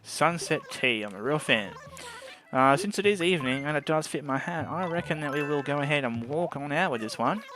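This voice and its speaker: A man's voice: fairly high pitch, expressive, brisk, a bit bright, soft background music. Chatty man narrating his gameplay. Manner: chatty, often trips over his words. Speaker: gameplay video host. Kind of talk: casual let's-play commentary. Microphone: desk microphone.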